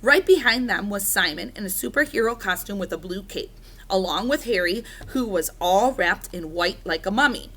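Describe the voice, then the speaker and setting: A woman reads a children's chapter book aloud in a bright, clear voice. Her pitch swings widely as she tells the story with animated expression. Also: moderate pace. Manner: animated, doing character voices. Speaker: reader.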